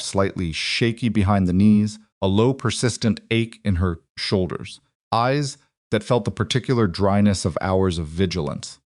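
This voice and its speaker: A man narrating a story in a calm, measured way. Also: fairly low pitch, no room sound, studio quality.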